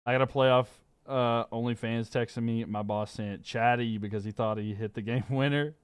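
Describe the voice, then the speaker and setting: A man's voice: mid-range voice, steady tone, moderate pace, clear, resonant tone, dry recording. Laid-back Southern man chatting on stream. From American South. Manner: laid-back, rambling, fillers, laughs often. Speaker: sports streamer. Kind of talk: casual live-stream chat reading comments.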